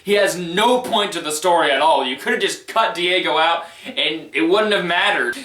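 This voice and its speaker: A young man giving a ranting movie review in an exasperated, sarcastic way, often rising into shouts. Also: a little high. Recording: echoey room, distant from mic.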